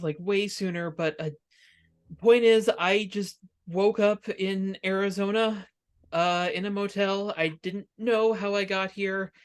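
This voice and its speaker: A woman voicing a confused, apologetic young man in a tabletop game, speaking haltingly. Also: medium pitch, pitched above the performer's own voice, lightly acted.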